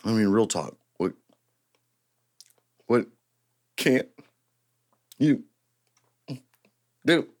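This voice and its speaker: A man's voice: fairly low pitch, lively intonation, extremely slow, pauses often, a little mellow. Joking, rambling male podcast host. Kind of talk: casual podcast rant.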